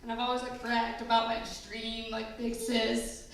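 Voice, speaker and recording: A woman's voice: fairly high pitch, monotone, moderate pace, a little hiss or hum. A young woman giving a bridesmaid speech, tearful and giggly, filling her speech with "like.". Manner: tearful, giggly, many 'like' fillers. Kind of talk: emotional wedding speech. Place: wedding reception hall. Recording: echoey hall, distant mic.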